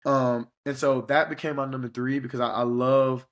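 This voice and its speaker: A man's voice: mid-range voice, flat delivery, normal speed. A young adult man co-hosting a relationship podcast, talking earnestly and rambling with fillers. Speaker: podcast co-host. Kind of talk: casual chat.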